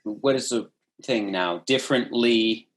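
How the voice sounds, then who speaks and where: A man's voice: mid-range voice, unhurried. A man co-hosting a podcast, reacting with amusement in casual chat. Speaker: podcast co-host.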